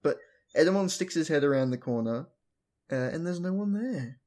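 A woman's voice: deep voice, animated, moderate pace, warm tone. Blunt young woman recapping an episode. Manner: blunt, swears, mocking, does funny voices. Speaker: podcast host.

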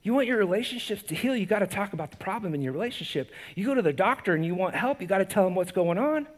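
A man preaching a conversational sermon as a pastor, animated and often restarting and repeating words. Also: high voice, quick pace.

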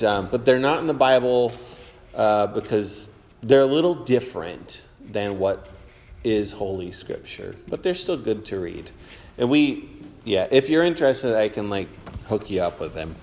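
A man's voice: on the low side, lively intonation, a little slow, a little mellow. A man leading an informal Bible class, chatty and rambling with lots of fillers. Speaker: church teacher. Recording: reverberant hall.

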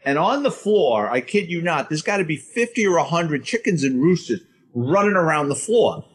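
Profane New ex-cop telling a story. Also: male voice, a little high, moderate pace, slightly rough. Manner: profane, animated storyteller acting out dialogue. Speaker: storytelling guest, former police officer. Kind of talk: casual anecdote on a podcast.

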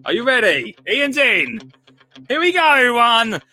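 A man's voice: very high voice, big pitch swings, measured pace, pushed and bright. A British man hosting a live gardening show from his home studio, chatting casually and poking fun at himself. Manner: chatty, self-mocking, restarts a lot. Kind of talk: casual live-stream chat.

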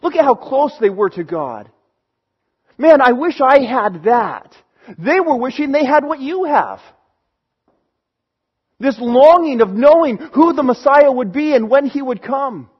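A man's voice: extremely high pitch, big pitch swings, measured pace, breathy edge. A man preaching a sermon in an earnest way that builds to emphatic peaks. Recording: dull lo-fi recording.

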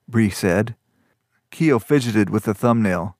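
A man reading a fantasy story aloud as narrator, in an even, measured manner. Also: no room sound, clean studio sound. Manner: even, measured storytelling, lifts pitch for dialogue. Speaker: audiobook narrator.

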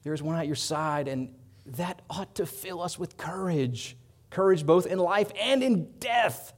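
A man delivers a sermon in an earnest preaching voice pitched a little above the usual. He swells loud when he appeals to his listeners, then drops soft and hushed for the quiet lines. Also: expressive, unhurried. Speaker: pastor.

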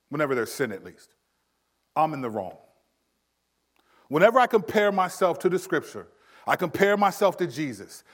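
A man in his thirties preaching a sermon in a conversational style, acting out quick quotes. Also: high-pitched, a bit bright. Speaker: pastor.

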